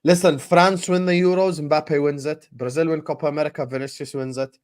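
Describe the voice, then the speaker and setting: Blunt quick man, slightly high voice. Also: steady tone. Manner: blunt, short interjections. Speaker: podcast co-host. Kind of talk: casual football chat.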